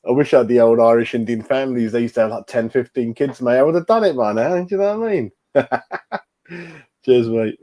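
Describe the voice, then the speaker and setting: Brisk, dark in tone, and medium-pitched, this man in his 40s hosts a casual live stream as a football fan. He chats, reads out comments from viewers, and refers to everyone as mate.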